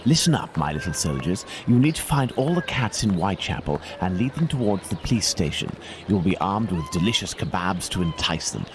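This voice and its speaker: An actor playing a calm, clever male detective who speaks politely and reasons aloud in a game. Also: low voice, fairly quick, hardly any pauses, noisy background. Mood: composed.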